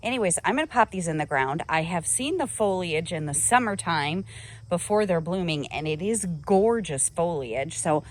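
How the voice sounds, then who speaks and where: A woman's voice: on the low side, expressive, moderate pace. Chatty, upbeat woman vlogger. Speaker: lifestyle vlogger. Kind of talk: casual chat to camera.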